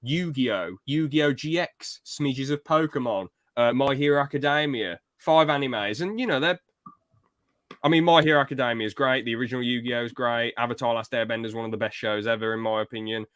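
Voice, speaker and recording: A man's voice: medium pitch, a little fast, fairly bright tone, dry recording, clean studio sound. A man chatting on a podcast, rambling and opinionated, swearing casually about films he dislikes. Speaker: podcast co-host.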